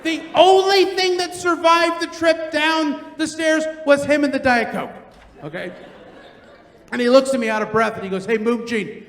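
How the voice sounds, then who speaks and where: A middle-aged man performing a stand-up comedy set, telling loud, animated stories and acting out the quotes. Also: extremely high pitch, moderate pace. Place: large theater stage. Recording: roomy theater with long reverb.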